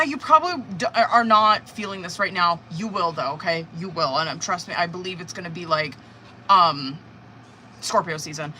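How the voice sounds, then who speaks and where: A woman with a mid-range voice does a live tarot reading, chatting casually and swearing often. She's animated, acting out what her querent is thinking and feeling, and there's a little hiss or hum in the recording.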